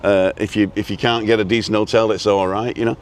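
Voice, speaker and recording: A man's voice: lowish voice, little pitch movement, brisk, a little hiss or hum. Jokey man hosting a live street walk. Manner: chatty, jokey, reads out viewer names. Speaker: host of a live walking show. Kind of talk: casual live-stream chat. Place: outdoors on a street in a seaside town.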